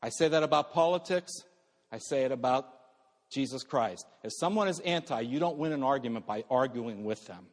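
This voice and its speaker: A male pastor preaching a sermon, swinging between raised emphatic lines and hushed quiet ones. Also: medium pitch, lively intonation, moderate pace, in a large hall.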